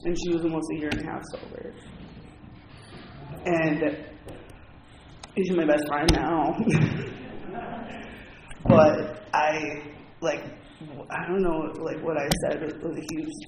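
A man with a fairly high, level, slightly slow and creaky voice gives personal testimony, candidly and from the heart sharing his recovery story with a group in a meeting room. The recording is echoey and noisy.

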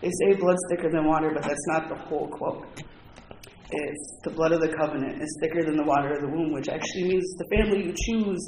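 A man's voice: a little high, fast, a little mellow. A man speaking candidly and from the heart as he tells his recovery story to a group in a meeting room. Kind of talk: personal testimony to a group. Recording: echoey, noisy room recording.

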